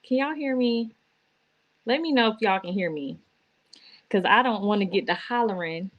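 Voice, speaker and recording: A woman's voice: mid-range voice, expressive, moderate pace, highs cut off. A woman talking casually to her viewers on a live stream from her laptop, teary and emotional as she gives a faith testimony. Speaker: vlogger going live. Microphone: laptop or phone.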